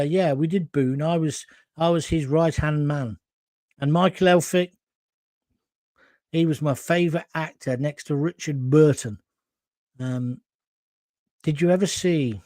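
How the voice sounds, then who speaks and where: A man's voice: a little high, a little mellow, no echo. A man hosting a live talk show, reading out viewer comments and rambling through anecdotes on a close mic. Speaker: host.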